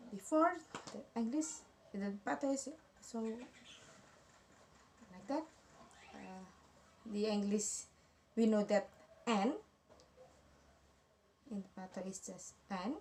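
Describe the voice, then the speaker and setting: Slow, halting young woman student presenter. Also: mid-range voice, a little mellow. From Indonesia. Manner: halting, restarts words, reads examples aloud. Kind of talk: online class presentation.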